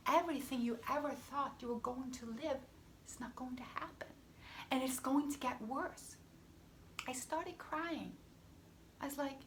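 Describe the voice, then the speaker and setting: A woman health coach telling her personal story to camera in an emphatic way, repeating phrases and sometimes dropping to a hush. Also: sits high, slight background noise.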